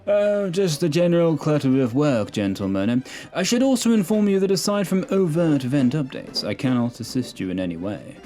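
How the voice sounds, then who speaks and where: A man's voice: fairly high pitch, very animated, fairly quick, hardly any pauses, dark tone, voice pushed up. A man voicing a polite, formal male train host construct in a sci-fi audio story. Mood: courteous. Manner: overly courteous, formal.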